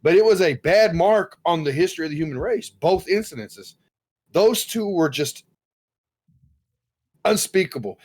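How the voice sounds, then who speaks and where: Fairly high-voiced guy ranting on a podcast, blunt and swearing a lot. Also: animated, normal speed, long pauses, a little mellow. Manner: blunt, swears freely, acts out quoted bosses. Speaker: podcast co-host. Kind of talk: casual podcast chat.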